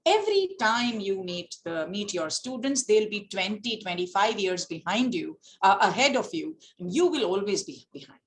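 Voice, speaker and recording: A woman's voice: mid-range voice, sing-song, moderate pace, few pauses, low-quality recording. A middle-aged woman with an Indian accent, a professor giving an online lecture over a video call, asking her listeners a run of rhetorical questions. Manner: rhetorical questions, switches into Hindi for quoted students. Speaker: professor giving a faculty talk.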